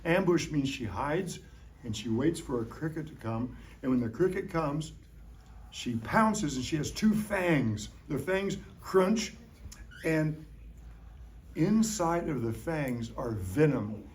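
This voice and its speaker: A man's voice: fairly high pitch, lively intonation, slow pace, pauses often. Playful man teaching kids science. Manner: playful, jokey, coaxing questions to children. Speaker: science educator. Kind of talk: hands-on classroom demonstration. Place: elementary school classroom.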